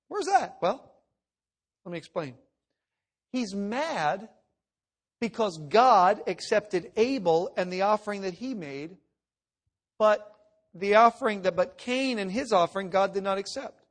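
A high-voiced pastor delivers an emphatic sermon, swinging between loud declarations and hushed asides. At times he acts out the voices he's quoting.

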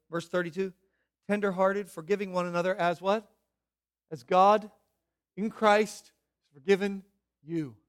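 A man with a notably high speaking voice preaches a sermon from the pulpit. He swings between loud, pressing emphasis and hushed asides, sometimes drifting away from the mic. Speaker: pastor.

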